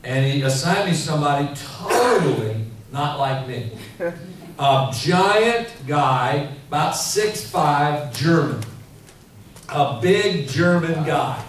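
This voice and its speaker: A man preaching a sermon in a church, telling stories in an animated, rambling way full of fillers. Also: on the high side, slow. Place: church hall. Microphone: handheld mic. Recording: echoey hall, mic heard from far off, faint noise.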